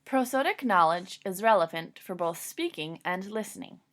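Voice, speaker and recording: A woman's voice: medium pitch, expressive, normal speed. A woman giving a formal, scripted academic presentation about a lesson plan.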